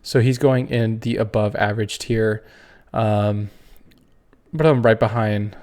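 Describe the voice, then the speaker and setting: A man with a lowish, darkish voice hosts a casual sports tier-list video at a measured pace. As a podcast host he rants with strong, fired-up opinions and some occasional cursing.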